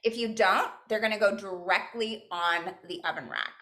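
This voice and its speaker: A woman leads a virtual cooking class from her home kitchen over a video call, speaking in a bright, clear voice. She stays upbeat and encouraging, counting steps aloud and mixing Spanish phrases into her instructions. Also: medium pitch, moderate pace.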